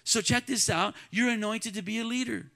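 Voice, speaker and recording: A man preaching in a church with a high voice. He calls out to the congregation and swings from quiet, close talk to ringing shouts. His tone is bright and cutting. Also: moderate pace, gravelly. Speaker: pastor. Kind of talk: sermon. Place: church sanctuary.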